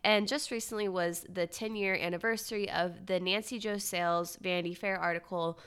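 A woman's voice: on the low side, fairly even intonation, normal speed, a bit bright, clear, resonant tone. A young woman hosting her own podcast in casual solo chat, with uptalk and a valley girl way of speaking. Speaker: podcast host.

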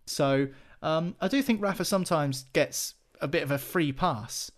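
A man's voice: a little high, normal speed. A man talking football as a podcast pundit, chatty, with many restarts and fillers. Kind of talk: casual football chat.

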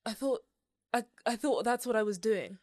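A woman's voice: fairly high pitch, normal speed, a little mellow, no echo, clean studio sound. A woman co-hosting a podcast in casual chat, chatty and self-deprecating with frequent giggles. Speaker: podcast co-host.

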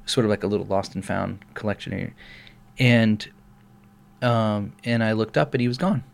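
Man telling a story with animated quoted voices. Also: lowish voice, moderate pace, gravelly. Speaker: pastor. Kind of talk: storytelling in casual podcast chat.

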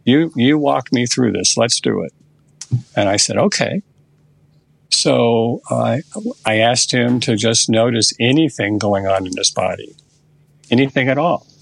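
An older man, a therapist guest in a podcast interview, who tells a session step by step in an unhurried, conversational way. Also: mid-range voice, gravelly.

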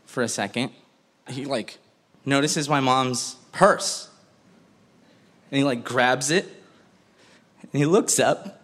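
A man's voice: medium pitch, a bit bright. Wry, chatty male storyteller. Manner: wry and chatty, breaking into laughs. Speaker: storyteller and host. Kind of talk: comic live storytelling.

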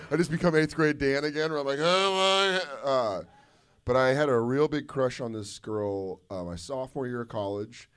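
A man's voice: medium pitch, moderate pace, clean tone. Comedian guy on a live stage, cussing, laughing at himself, goofy voices mid-story. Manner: profane, self-mocking storytelling with animated put-on voices. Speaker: comedian guest. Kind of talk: live podcast banter. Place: live stage in front of an audience.

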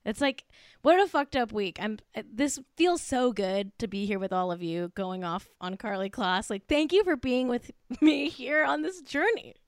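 A woman's voice: a little high, normal speed, dry recording, clean studio sound. A young woman hosting a celebrity gossip podcast, a little tipsy, swearing freely and laughing between lines. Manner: profane, giggly, gossipy, heavy use of "like". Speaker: podcast host.

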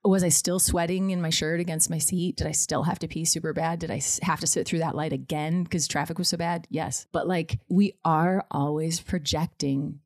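A woman's voice: deep voice, steady tone, normal speed, few pauses, a little mellow, no echo, clean studio sound. A woman chatting casually on a podcast, laughing often and acting out her own thoughts in little quoted asides.

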